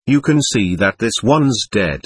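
Dude doing an impatient army lieutenant, brusque and contemptuous, voice swings all over, husky. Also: male voice, on the low side, expressive, measured pace.

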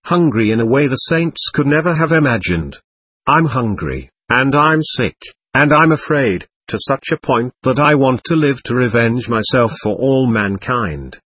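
A man takes on a gaunt, half-starved soldier in a war story. He sneers and menaces, his voice husky. The sound is dry and close. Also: mid-range voice, lively intonation, measured pace, a bit bright, no echo. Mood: menacing. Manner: sneering, roaring.

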